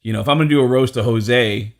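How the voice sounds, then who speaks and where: A middle-aged man, a comedian guest on a chat show, spins anecdotes in a relaxed, conversational voice of ordinary pitch. He acts out the people in his stories, jumping into their voices and back. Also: quick pace, creaky. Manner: animated storyteller, acts out the people he quotes. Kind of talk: casual storytelling.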